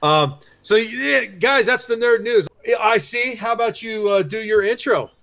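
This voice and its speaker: A middle-aged man with a somewhat raised pitch, co-hosting a podcast. He spins relaxed, chatty anecdotes and keeps the conversation moving. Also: a little slow, creaky. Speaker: podcast co-host. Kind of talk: casual chat.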